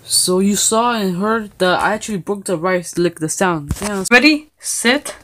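Casual female vlogger, rambling and filler-heavy, average-pitched voice, filmed on a phone at home. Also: normal speed, over loud music. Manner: rambling, says guys and bro constantly. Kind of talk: casual DIY food vlog.

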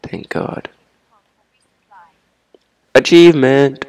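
Young guy gaming, rough gravelly voice, slow drawl, swears and repeats himself a lot. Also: mid-range voice, steady tone, darkish tone, no room sound. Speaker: gamer. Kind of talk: casual gameplay commentary.

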